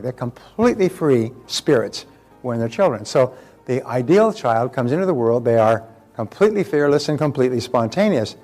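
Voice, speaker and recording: A man's voice: medium pitch, animated, normal speed, darkish tone, faint music behind. An older man giving a motivational talk in a conversational way, telling stories and repeating words as he goes. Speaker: motivational speaker.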